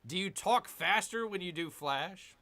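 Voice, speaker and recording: Male gaming host, animated pitch, chatty with his viewers while he plays. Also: measured pace, gravelly. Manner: chatty, answers viewer chat while muttering over his moves. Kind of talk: casual let's-play commentary.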